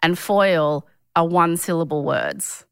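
A woman co-hosting a podcast in casual chat, animated and quick to laugh in disbelief. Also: lowish voice, clear, resonant tone, dry recording, clean studio sound. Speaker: podcast co-host.

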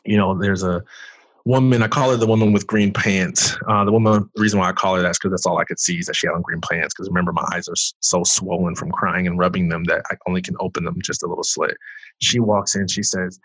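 A man's voice: sits low, fairly even intonation, fast talker, a bit bright, dry recording. A young man, a pastor from Detroit, earnestly telling his personal story as a podcast guest. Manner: earnest storyteller, rises when reliving the moment. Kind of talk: emotional personal testimony.

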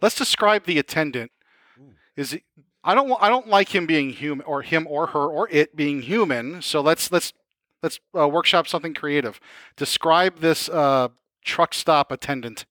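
A man's voice: on the high side, normal speed, bright, forceful tone, dry recording, clean studio sound. A man running a live tabletop game as game master, narrating playfully and laughing often. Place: game store at a live show.

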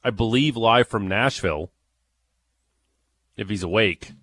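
A man hosting a sports radio show in a studio, brisk and joking with his guests. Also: fairly low pitch, fairly bright tone, dry recording. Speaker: radio host.

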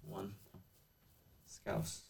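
A man in casual chat, making lively, quick remarks, heard from away from the mic.

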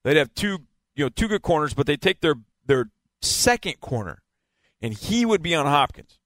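A man's voice: fairly high pitch, very animated, normal speed, a bit bright, no echo. A man giving a casual football breakdown, explaining and stressing key words again and again. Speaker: football analyst.

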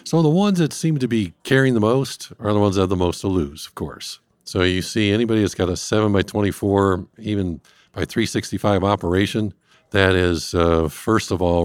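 A man speaking as a guest expert, explaining risk step by step in a measured way. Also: deep voice, clear, resonant tone, no room sound, clean studio sound. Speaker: industrial cybersecurity guest expert. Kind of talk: explanatory interview talk.

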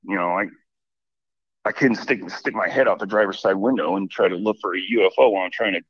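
A man's voice: low voice, a little fast, no echo. A man calling in by phone and rambling through a personal story, acting out what everyone said with lots of "I'm like.". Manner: rambling, animated retelling with many "I'm like" quotes. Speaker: caller. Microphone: phone line. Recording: dull phone line.

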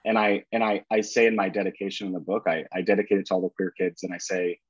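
A man in his thirties, a podcast guest, talking in a halting way with many restarts. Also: deep voice, flat delivery, slightly rough, no echo, muffled recording. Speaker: podcast guest, actor and author. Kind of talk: casual chat.

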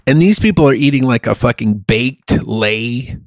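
Guy ranting on a podcast, swears a ton, dry close sound, middle pitch. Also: moderate pace, no echo. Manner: blunt, swears a lot, rants. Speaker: podcast co-host. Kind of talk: casual profane chat.

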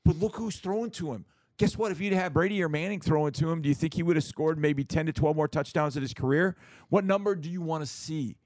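A middle-aged man co-hosting a sports talk show, making his case in a lively, casual way, often acting out what others would say. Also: on the high side, quick pace, no echo. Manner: animated, acts out quoted voices, repeats words.

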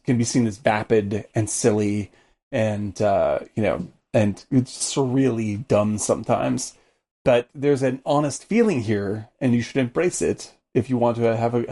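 A man co-hosting a casual film podcast, talking in an animated way with lots of "like"s, swearing and laughter. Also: mid-range voice. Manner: animated, profane, laughs often, many "like"s. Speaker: podcast co-host.

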